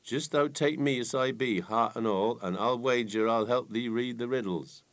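A man's voice: mid-range voice, moderate pace, voice pushed up, close to an everyday voice. A man voicing a practical, kindly country lass. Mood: reassuring. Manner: plain-spoken, reassuring rustic dialect.

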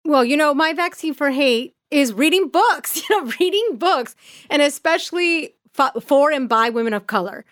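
A woman with a Spanish accent co-hosting a podcast, talking in a lively, casual way and laughing often as she speaks. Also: sits high, moderate pace, no echo, clean studio sound. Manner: animated, laughs often, restarts words. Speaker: podcast co-host. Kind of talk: casual chat.

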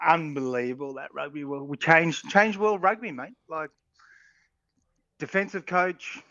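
A middle-aged Australian man, a former rugby player co-hosting a sports radio show, talking in an excited, rambling way and laughing often. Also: on the high side, unhurried, no room sound, muffled recording. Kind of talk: casual sports radio chat.

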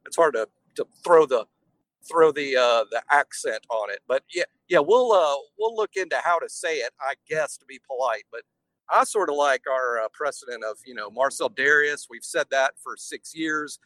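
A man's voice: medium pitch, expressive, moderate pace, fairly bright tone, no room sound, rough recording. Wry laid-back man, dry close sound. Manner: wry, laid-back, stumbles and repeats words. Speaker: podcast co-host. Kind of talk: casual sports podcast chat.

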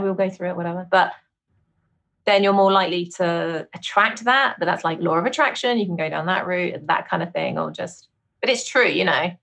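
A woman's voice: on the low side, gravelly, fairly bright tone. A British woman chatting casually as a podcast guest, laughing often and acting out her own reactions. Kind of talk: casual interview chat.

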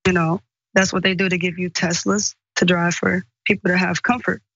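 A woman's voice: fairly low pitch, level tone, normal speed, a bit bright, slightly rough, no echo, muffled recording. A woman urgently telling a first-person story, often repeating what others said. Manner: retells dialogue in quotes, urgent. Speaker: guest recounting an incident.

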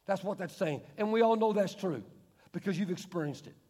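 A male pastor preaching a sermon in a church hall, emphatic, asking rhetorical questions and slowing down to stress key words. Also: high-pitched, lively intonation, dark tone, husky. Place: large church hall with screen. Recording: long hall reverb.

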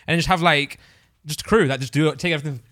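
A man's voice: a little high, fast talker. A man hosting a casual chat, laughing often. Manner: laughing, animated banter.

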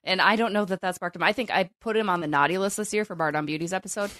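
A woman's voice: mid-range voice, quick pace, a bit bright. A woman co-hosting a sports podcast, chatty and upbeat. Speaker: co-host. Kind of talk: casual sports podcast chat.

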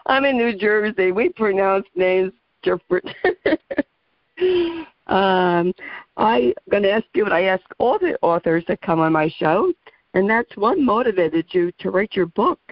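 A woman's voice: mid-range voice, lively intonation, normal speed, dry recording. Chatty woman hosting a radio talk show. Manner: chatty, laughs easily. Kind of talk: radio interview. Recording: dull lo-fi radio sound.

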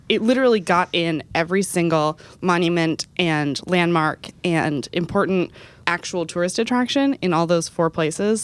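A woman's voice: lowish voice, smooth. Chatty woman co-hosting a podcast. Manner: chatty, laughs often. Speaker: podcast co-host. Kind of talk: casual chat.

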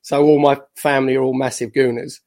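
A Cockney man from East London, a former footballer and podcast guest, telling chatty, lively stories from his career. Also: medium pitch, brisk, vocal fry. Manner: chatty, animated anecdotes with acted quotes. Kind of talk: casual podcast storytelling. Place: his home in the country.

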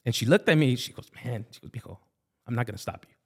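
Animated Latino guy telling family stories. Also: medium pitch, fast, vocal fry, breathy edge. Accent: Southern California Latino English. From Southern California. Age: 40s. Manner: animated, acts out family voices, switches into Spanish. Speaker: podcast guest, Army veteran. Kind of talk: casual storytelling interview.

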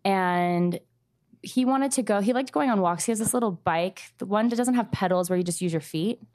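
A grieving mother in her thirties, appearing as a guest, tells a painful personal story. She speaks softly and haltingly, pausing often, with a mid-range voice.

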